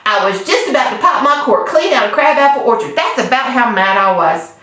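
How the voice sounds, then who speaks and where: A woman reading a children's storybook aloud in a folksy, lively storytelling manner. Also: a little high, brisk. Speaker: storybook reader. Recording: echoey room, distant mic.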